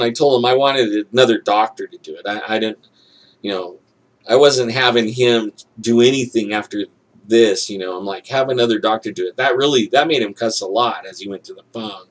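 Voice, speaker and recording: A man's voice: mid-range voice, moderate pace. A man telling a personal story in casual speech, acting out what people said, full of "you know" and "like", chuckling now and then. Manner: animated, acts out quoted dialogue; frequent fillers like "you know" and "like". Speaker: storyteller recounting a personal experience.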